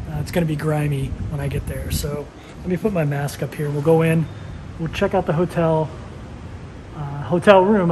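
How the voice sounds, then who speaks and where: A man's voice: a little high, noisy background. A man casually vlogging on the road, chatting with lots of fillers while he shows his hotel. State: out of breath. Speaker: travel vlogger. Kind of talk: casual travel vlog. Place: hotel and street in Thailand, walking around.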